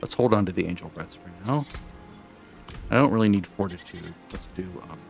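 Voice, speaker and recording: Male gamer, casual commentary, muttering and explaining to chat, low gravelly voice, music bed. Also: expressive, brisk. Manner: mutters to himself, then talks to chat. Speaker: gamer streamer.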